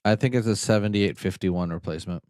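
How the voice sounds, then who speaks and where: A man's voice: fairly low pitch, fast talker, darkish tone, smooth, no room sound, clean studio sound. A man joining a ham radio stream, chatting casually with blunt, joking remarks. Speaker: stream co-host or guest. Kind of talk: casual chat.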